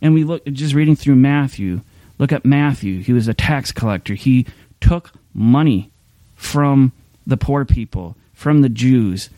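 A man's voice: medium pitch, unhurried, dark tone, no echo. A male pastor giving an informal, conversational sermon, rambling with frequent restarts and fillers. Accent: Upper Midwest American.

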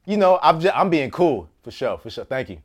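A man tells a story from his own life in a loose, comedic way, his pitch swinging high and low as he goes. He laughs often, gets loud in the exciting moments and drops to a near hush for asides. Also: fairly quick. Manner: animated, laughs often, jumps between loud bursts and hushed asides. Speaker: actor.

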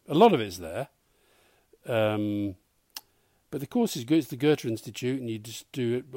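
A man's voice: medium pitch, a little mellow, no room sound, clean studio sound. Wry, easygoing man. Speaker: podcast co-host. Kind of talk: casual chat.

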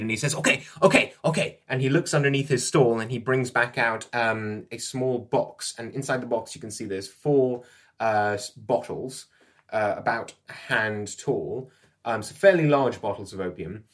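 A man's voice: mid-range voice, fairly bright tone. A man running a tabletop role-playing game as game master, narrating in a rambling way with frequent laughs. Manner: rambling, laughs often, restarts sentences.

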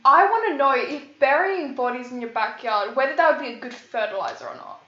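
A woman's voice: high voice, animated, a little fast, sharp tone. A woman co-hosting a casual true-crime podcast, making wry, joking asides. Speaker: podcast co-host. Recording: echoey room, dull lo-fi sound.

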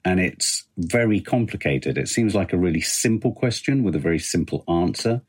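Deep-voiced British man musing aloud. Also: animated, moderate pace, slightly rough. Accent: British English. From Britain. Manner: thoughtful, musing, with many fillers. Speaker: podcast co-host. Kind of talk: casual chat.

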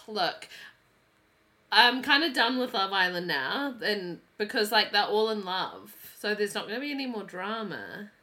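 A woman in her thirties co-hosting a casual podcast with a bright, clear tone that gives her voice some edge. She chats freely, laughs a lot and strings her thoughts together with "like" fillers. Her pitch sits in a normal middle range for a woman. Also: big pitch swings, unhurried. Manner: chatty, giggly, lots of "like" fillers. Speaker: podcast co-host. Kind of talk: casual chat.

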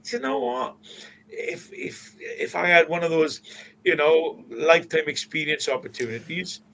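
A Welsh man in his sixties, a stadium announcer, telling stories in an interview with animated anecdotes and frequent restarts. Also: fairly high pitch, normal speed, gravelly, low-quality recording. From Swansea, Wales. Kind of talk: casual storytelling interview.

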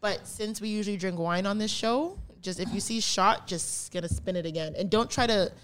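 Profane, excitable young woman host. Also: mid-range voice, brisk, slight background noise. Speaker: podcast host. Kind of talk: casual chat.

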